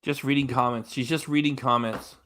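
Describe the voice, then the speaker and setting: A man's voice: mid-range voice, fairly even intonation, fairly quick, fairly bright tone, slight background noise. A man in the middle of his range hosts a live reaction stream from his desk. He keeps up a loose, casual running commentary. He reads out quotes and drops dry little asides. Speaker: reaction channel host.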